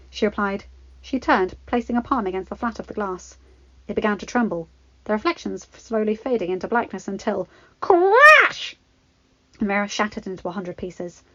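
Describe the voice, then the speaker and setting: A woman reading fan fiction aloud in a steady, expressive storybook narration. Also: mid-range voice, no room sound, muffled recording.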